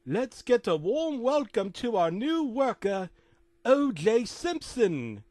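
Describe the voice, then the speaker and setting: A man voicing a bossy older hunting patriarch with a put-on British accent, loud and blustering. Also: extremely high pitch, very animated, takes it slowly, dry recording, voice pushed up, full character voice. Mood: announcing.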